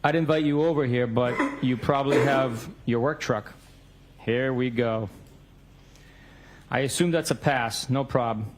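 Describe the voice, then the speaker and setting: A man's voice: mid-range voice, a little slow, long pauses, slight background noise. A man in a courtroom reading out both sides of a text message exchange, stating the date and time of each message.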